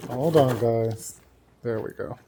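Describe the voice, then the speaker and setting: A man's voice: mid-range voice, takes it slowly, noisy background. A man talking playfully and fondly to his pet dogs in a casual home video. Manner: playful, doting baby talk. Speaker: pet owner.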